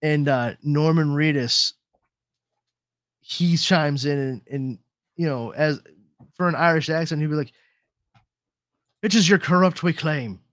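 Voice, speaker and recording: A man's voice: on the high side, unhurried, pauses often, a bit bright, dry recording, clean studio sound. A man hosting a podcast in casual chat, rambling with lots of swearing and trailing off mid-sentence. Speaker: podcast host.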